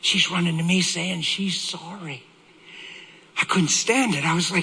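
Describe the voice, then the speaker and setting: Forceful, husky-voiced preacher man. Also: sits high, moderate pace, rough recording. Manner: emotional, animated storytelling. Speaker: pastor. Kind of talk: sermon testimony.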